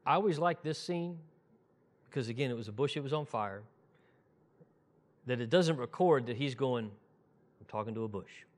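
A man preaching a conversational sermon, dropping his voice low and soft when he quotes scripture. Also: normal speed, long pauses.

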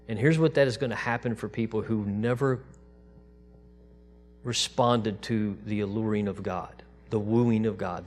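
A man preaching a sermon to his congregation in a relaxed, conversational way, dropping to a soft, quiet voice when he quotes God. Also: fairly low pitch, a little slow, faint music behind. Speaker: pastor.

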